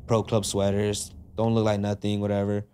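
A man's voice: on the low side, completely flat delivery, moderate pace, mellow, a little hiss or hum. A man, a podcast guest, retelling a story in slangy casual speech, full of "like" and "uh", acting out the quoted dialogue. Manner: frequent fillers like "like" and "uh".

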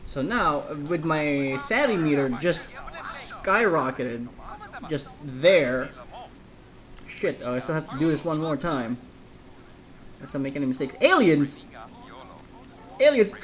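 A man's voice: a little high, animated, normal speed, a bit bright, poor audio. A man giving casual let's-play commentary, rambling between jokey asides.

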